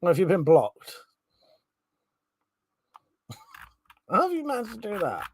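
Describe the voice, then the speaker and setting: Chatty sweary man, lively pitch. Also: unhurried, slightly rough. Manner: swears freely, reads chat messages aloud. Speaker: streamer. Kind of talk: casual live-stream chat.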